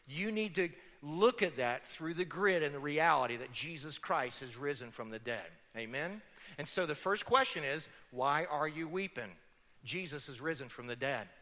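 A man's voice: a little high, sharp tone. A middle-aged man preaching a sermon as pastor in a church, emphatic, with rhetorical questions. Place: church sanctuary. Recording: long church hall reverb.

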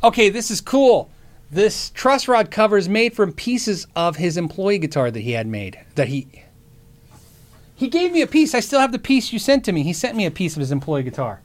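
A man with a notably high-pitched voice hosts his own show in loose livestream chat. He talks excitably, stammers and often breaks off to restart his sentences. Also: normal speed. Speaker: show host.

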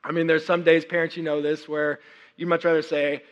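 A man in his thirties, a worship pastor preaching a sermon, chatty and animated with many fillers and restarts, audibly unwell and working to clear his throat. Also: a little high, fairly quick, lo-fi sound. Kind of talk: sermon with personal storytelling. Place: church service. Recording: long reverb of a large hall.

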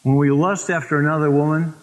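A man preaching a sermon, telling stories and slowing down to stress scripture. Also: on the high side, fairly even intonation. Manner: storytelling, slows for emphasis on scripture. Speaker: pastor. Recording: long reverb of a church hall.

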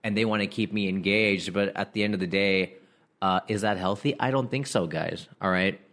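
A young comedian with a somewhat low voice riffs casually to his listeners. He talks in slang, laughs mid-sentence and breaks into quick impressions of other people. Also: fairly bright tone. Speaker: comedian podcast host. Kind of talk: casual comedic riffing monologue.

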